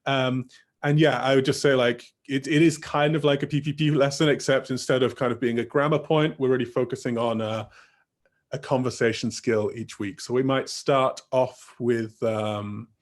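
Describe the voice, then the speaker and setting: A man's voice: mid-range voice, fairly even intonation, moderate pace. A young man giving a teacher-training talk over a video call, casual and rambling with many fillers. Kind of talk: online workshop talk.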